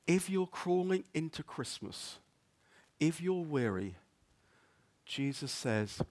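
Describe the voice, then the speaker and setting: A man preaching a sermon as a pastor, earnest, often repeating words and dropping soft on quotes. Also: fairly high pitch, sing-song, slow. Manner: earnest, stumbles and repeats words, drops to near-whisper on quotes.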